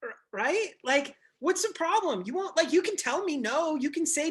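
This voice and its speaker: A man coaching a group of real estate agents over a video call, blunt and animated, swearing and acting out little scenes. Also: very high-pitched, normal speed.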